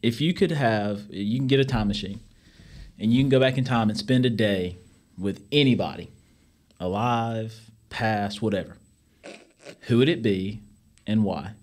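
A man hosting a podcast, joking and rambling in a warm-hearted way. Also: on the low side, a little slow, long pauses. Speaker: podcast host, teacher. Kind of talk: casual chat.

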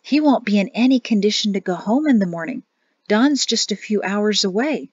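A woman's voice: mid-range voice, lively intonation, normal speed, breathy edge, dry recording. A woman reading a plainspoken male staff sergeant with a practical manner. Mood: worried. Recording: dull dry home recording.

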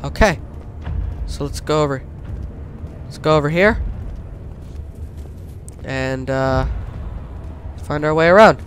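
A young man panicking, yelling and reading text aloud while playing a horror game. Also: fairly high pitch, slow pace, long pauses, a little hiss or hum. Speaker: gamer. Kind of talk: horror let's play commentary.

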